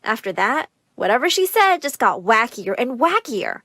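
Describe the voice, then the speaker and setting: Expressive young woman narrating a story. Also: on the high side, normal speed, no echo, studio quality. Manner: expressive, dramatic. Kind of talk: scripted narration.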